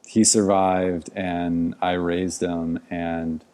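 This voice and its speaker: A man's voice: sits low, level tone, drawn-out words, darkish tone. A man, a podcast guest, telling a story in casual conversation, rambling with many "like" fillers. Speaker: podcast guest, outdoor educator.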